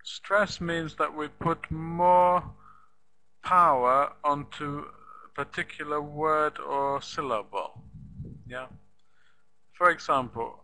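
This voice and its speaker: Man, English teacher for beginners; slow, careful delivery, bright forceful tone, chants rhythm syllables. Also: a little high, steady tone, low-quality recording. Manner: slow, deliberate, repeats sentences for learners; claps out rhythm with "da da da". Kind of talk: live online language lesson.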